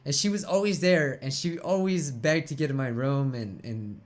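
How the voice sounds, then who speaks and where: A man hosting his own reaction channel talks casually about losing a pet. His voice is choked and tearful, and he rambles with halting restarts. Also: on the high side. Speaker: YouTube reaction host. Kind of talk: emotional casual reaction talk.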